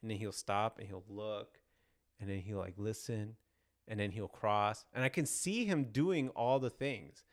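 A man in his thirties, a father and podcast co-host, telling a story in a relaxed casual chat and laughing easily. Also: fairly low pitch, a little slow.

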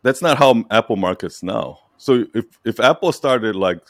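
A low-pitched man coaching a client in a relaxed, emphatic way. He repeats his points, keeps asking "right?" and laughs now and then. The sound is dry and close. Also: moderate pace, no echo. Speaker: brand strategy coach. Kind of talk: casual coaching session.

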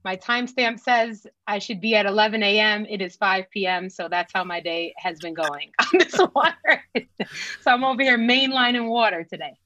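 A woman's voice: medium pitch, normal speed, sharp tone. A woman guesting on a podcast, talking in a wry, self-deprecating way. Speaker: podcast guest, school leadership program director. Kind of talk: casual podcast chat. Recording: dry, dull lo-fi sound.

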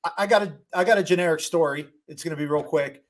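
A man's voice: fairly high pitch, fast. A man co-hosting a casual sports podcast, laid-back and profane, laughing along with the others. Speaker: podcast co-host.

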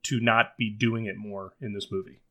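A man's voice: fairly low pitch, flat delivery, moderate pace, noisy background. A man co-hosting a podcast in casual chat, making wry, joking comments about a film. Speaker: podcast co-host.

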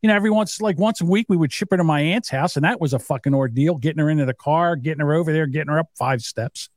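Man in his fifties, higher voice, dry close sound, salty storyteller, casual podcast chat. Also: quick pace, no room sound. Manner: storytelling, profane, acts out quotes. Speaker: podcast co-host.

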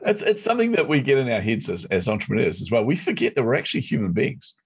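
A middle-aged man telling a personal story as an interview guest, animated and competitive. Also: mid-range voice, fast talker, slightly rough. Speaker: guest, speaker and entrepreneur.

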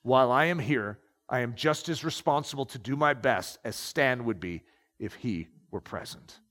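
A man voicing a calm, determined male missionary, speaking quietly and inwardly. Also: medium pitch, normal speed, voice pushed down, natural voice. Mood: resolved. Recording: long echoing reverb.

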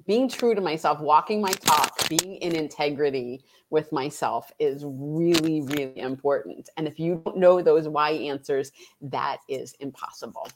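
A woman coach with a lowish voice, talking reflectively in an interview and restarting her sentences as she works through an idea. She acts out exchanges with her clients, and a faint noise sits under her voice. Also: moderate pace. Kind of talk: casual interview chat.

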